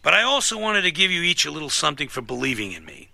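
A man's voice: on the high side, big pitch swings, fast talker, creaky, bright, forceful tone, a little hiss or hum, heavily acted. An actor playing Herb, a brash middle-aged inventor, with boisterous salesman patter, in a cartoon clip. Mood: generous.

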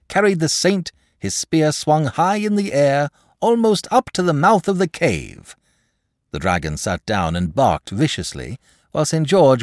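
A man tells a classic story in scripted narration, full of drama and expression. His low voice swoops widely in pitch, and the recording is close and dry with no room sound. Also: no room sound.

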